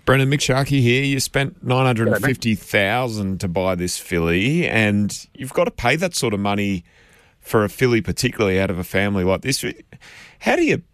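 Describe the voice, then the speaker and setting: A man co-hosting a racing radio show, offering relaxed, agreeable analysis. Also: on the low side, normal speed, no room sound, clean studio sound. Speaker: radio co-host. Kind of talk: racing talk chat.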